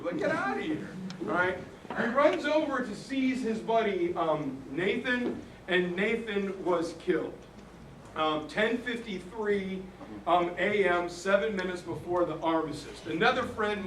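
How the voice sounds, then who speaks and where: High-voiced man telling a war story. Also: a bit bright, slight background noise. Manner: earnest retelling that acts out quoted soldiers. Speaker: speaker on history. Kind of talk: storytelling history talk. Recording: roomy, distant mic, faint ambience.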